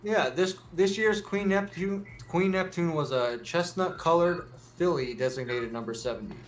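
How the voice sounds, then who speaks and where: A man's voice: on the high side, moderate pace, soft background music. Man reading quirky news stories. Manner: reads articles, stumbles and restarts, jokey asides. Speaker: news segment reader. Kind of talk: casual news read on a podcast.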